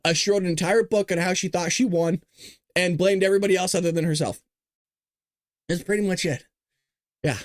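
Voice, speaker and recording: A man hosting a live political commentary show, talking in an animated, sarcastic way with laughing asides. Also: high-pitched, fairly quick, pauses often, dry recording. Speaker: host.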